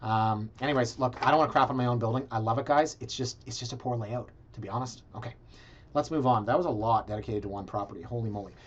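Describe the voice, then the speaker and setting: A man hosting a casual video, reviewing condo listings in a sarcastic, animated way and talking straight to his viewers. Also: medium pitch, fast talker. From Canada. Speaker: realtor and video blog host. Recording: slightly dull, lo-fi sound.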